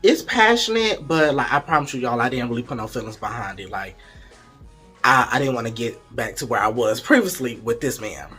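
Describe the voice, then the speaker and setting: A man's voice: mid-range voice, expressive, a little fast, pushed and bright, soft background music. A young man in casual storytime mode, chatty and candid, talking straight to his viewers. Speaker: vlogger.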